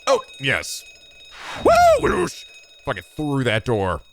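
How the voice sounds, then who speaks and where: A young man hosting a game playthrough, chatting casually in a rambling, energetic way, swearing now and then. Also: medium pitch, slow. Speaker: let's play host. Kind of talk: casual gameplay commentary.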